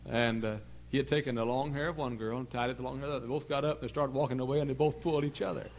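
A middle-aged man pastor preaching a sermon in an earnest storytelling way, dropping to hushed asides and rising to loud emphasis. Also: medium pitch, fairly even intonation, rapid-fire, slight background noise, poor audio. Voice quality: gravelly.

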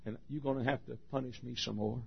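A preacher acting out a desperate biblical man who begs God to keep working on him, in a husky, strained, high shout. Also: very animated, quick pace, highs cut off, exaggerated voice. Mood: pleading.

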